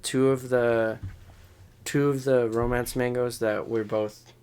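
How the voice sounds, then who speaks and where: A man's voice: medium pitch, level tone, slow, darkish tone, smooth. Goofy young man with sudden outbursts. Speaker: podcast co-host. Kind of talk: casual chat.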